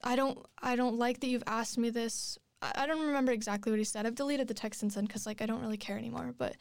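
A young woman in her twenties tells a personal story in loose, rambling chat, full of fillers and restarts. Her voice sits a little high and comes through smooth and clear. The recording is dry and close. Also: darkish tone, dry recording. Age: 20s. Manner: rambling, many likes and restarts. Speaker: guest telling a personal story.

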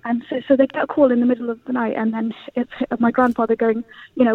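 A man's voice: extremely high pitch, flat delivery, fast talker, no room sound. A man telling a family ghost story on a radio show, rambling with many fillers and restarts, over a tinny phone line. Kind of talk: casual storytelling. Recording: tinny phone-like dry sound.

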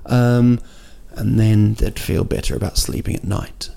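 Gravelly, dark-voiced man rambling jokily. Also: fairly low pitch, steady tone, measured pace. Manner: rambling, joking, with many restarts and fillers. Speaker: podcast host. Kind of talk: casual solo podcast monologue. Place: indoor room at night in a city.

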